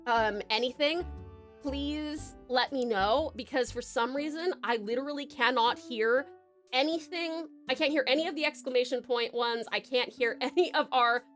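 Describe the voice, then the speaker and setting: A young woman with an Australian accent and a high, bright voice chats loosely with her viewers on a live stream. She giggles often and rambles through plenty of ums and restarts, with soft music playing faintly behind her. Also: normal speed. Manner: bubbly, giggly, rambling with many fillers. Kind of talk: casual live-stream chat.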